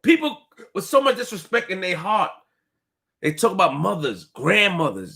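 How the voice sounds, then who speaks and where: This casual live-stream rant comes from a young man heavy on street slang and repetition, veering between soft, low asides and loud outbursts. His delivery is sing-song and creaky at a moderate pace.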